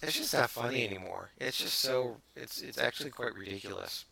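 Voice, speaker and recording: A man's voice: medium pitch, fairly quick, creaky. A man hosting a casual comedy podcast, reading news stories and teasing his co-host, with lots of restarts. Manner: teasing, animated, many restarts.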